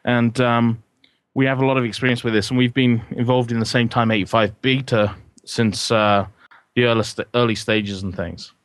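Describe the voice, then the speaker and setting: Male guest, mid-pitched, chatty and rambling, dry close mic. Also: flat delivery, moderate pace, dry recording. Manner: chatty, rambling with restarts and jokes. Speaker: guest consultant. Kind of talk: casual podcast chat.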